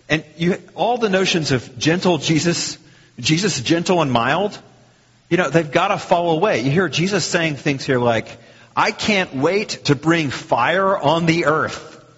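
A man preaching a sermon in a relaxed, talky way, with a husky, fairly high voice that swoops up and down a lot. His speech rings out into a long hall echo, and the recording sounds dull and muffled. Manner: conversational, animated, acts out quoted lines.

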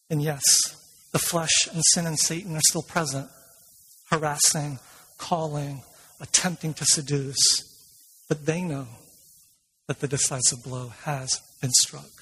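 A male pastor preaching a sermon in a church, asking the congregation questions and telling stories in a lively way. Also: a little high, slightly rough. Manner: retells a film scene with lively storytelling. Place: church sanctuary. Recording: long reverb of a large hall.

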